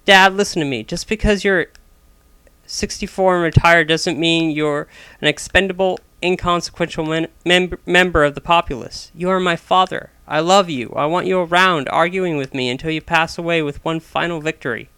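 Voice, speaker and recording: A man's voice: a little high, steady tone, normal speed, sharp tone, clean tone, no room sound. A man voicing an earnest young man who pleads with his father, in a read-aloud story. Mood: pleading.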